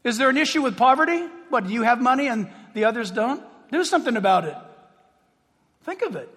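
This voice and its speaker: A man preaching a sermon in an animated way, firing rhetorical questions at the congregation in a church. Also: very high voice, brisk. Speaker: pastor. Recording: long reverb of a large hall.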